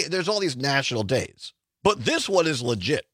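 A middle-aged man from Wisconsin hosting a casual talk radio show from a studio. He talks with bouncy, animated pitch and eager enthusiasm, often restarting his sentences. The sound is dry and close. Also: takes it slowly, pauses often, slightly rough, dry recording. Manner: chatty, enthusiastic, rambling with restarts. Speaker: radio and streaming host.

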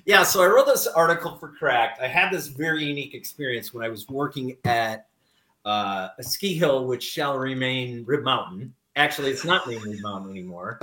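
A man's voice: medium pitch, animated, normal speed, pushed and bright, reverberant. A middle-aged man, a guest telling stories in casual radio chat with dry, self-deprecating humor. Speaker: guest writer.

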